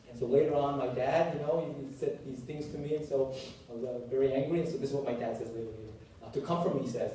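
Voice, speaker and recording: A man in his forties, a university professor, lecturing with animated storytelling and jokey asides. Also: medium pitch, a little fast, distant mic, slight background noise. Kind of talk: classroom lecture. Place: lecture hall. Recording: echoey hall, picked up from afar.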